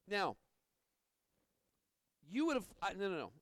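A man's voice: high voice, very animated, unhurried, pauses often, fairly bright tone, no room sound, poor audio. A man preaching a sermon, earnest, often stumbling and repeating words as he explains a passage. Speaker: pastor.

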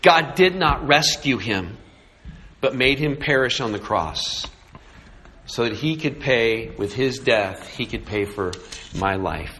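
A man's voice: medium pitch, expressive, takes it slowly, pushed and bright. A man preaching a sermon in an earnest way, building intensity on key points and turning to prayer. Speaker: pastor.

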